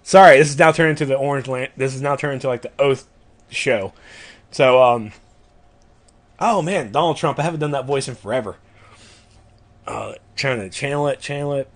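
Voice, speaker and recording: A man's voice: medium pitch, moderate pace, long pauses. A man hosting a podcast in casual chat, playful and laughing often. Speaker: podcast host.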